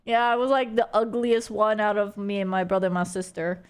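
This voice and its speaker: A woman's voice: mid-range voice, flat delivery, a little fast, smooth. A young woman streamer in casual chat, talking loosely with many fillers and frequent laughter. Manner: chatty, giggly, full of "like" fillers. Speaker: livestreamer.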